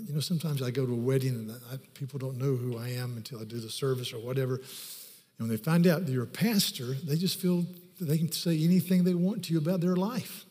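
In a reverberant hall, a male pastor preaches a sermon, telling stories before pressing his scriptural points with emphasis. His voice is mid-range and warm in tone.

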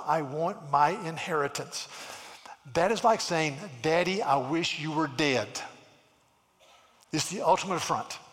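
A man preaching a sermon in a church, animated, often repeating words and acting out the people in his stories. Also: a little high, big-room sound. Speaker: pastor.

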